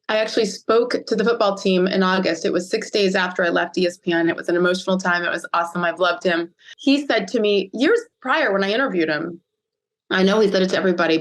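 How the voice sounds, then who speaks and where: Earnest woman in her fifties, storytelling. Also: mid-range voice. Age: 50s. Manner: earnest, emotional, pauses to collect herself. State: choked up. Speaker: guest. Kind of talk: podcast interview, personal storytelling.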